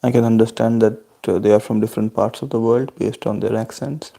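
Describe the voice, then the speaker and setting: A man from India chats with his family on a video call, answering their questions in a measured, thoughtful and polite way. His voice is fairly low-pitched, steady and mellow, with some vocal fry.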